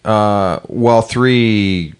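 A man with a low voice co-hosts a morning radio show. He talks in a loose, easygoing way, often restarting his thoughts mid-sentence. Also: extremely slow, smooth. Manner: relaxed, trails off, restarts often. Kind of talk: casual radio chat.

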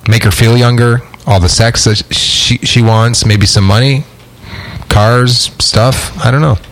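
A man co-hosting a podcast in casual chat, joking and laid-back, halting with fillers. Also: mid-range voice, steady tone, fairly bright tone, rough recording. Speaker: podcast co-host. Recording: online call connection.

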